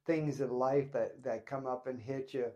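A man's voice: medium pitch, steady tone, unhurried, warm tone. Easygoing man chiming in with yeahs. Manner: agreeable, backs up his partner with frequent yeahs. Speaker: podcast co-host. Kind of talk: casual chat.

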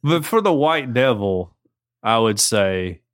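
A man's voice: medium pitch, very animated, slow, clear, resonant tone, no room sound, clean studio sound. A man with a Southern US accent co-hosting a podcast, giving joking, folksy advice in casual chat. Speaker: podcast co-host.

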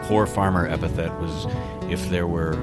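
A deep-voiced man in casual conversation who rambles through his stories. He repeats himself and acts out family members' lines. Music plays clearly behind him. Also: fairly even intonation, moderate pace. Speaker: podcast host. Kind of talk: casual chat and storytelling.

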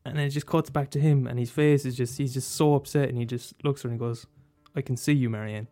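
A man's voice: mid-range voice, fairly even intonation, quick pace, mellow, soft background music. Rambling man talking films. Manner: rambling, frequent restarts, swears casually, laughs often. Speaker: film commentator. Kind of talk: casual monologue.

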